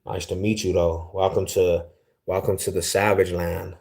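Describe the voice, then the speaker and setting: Young male streamer from Denver, lowish voice, relaxed slangy chat-reading delivery. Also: moderate pace, creaky. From Denver, Colorado, US. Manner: laid-back, slangy, easily amused. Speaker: livestream host. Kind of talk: casual livestream chat reading viewer comments.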